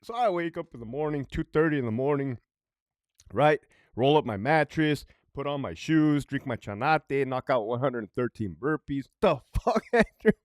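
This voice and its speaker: Lively, foul-mouthed male storyteller. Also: moderate pace, no room sound, clean studio sound. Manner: blunt, heavy swearing, chuckles between points; swings between loud outbursts and low mutters. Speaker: vlogger, prison guard commentator. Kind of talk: casual profane storytelling.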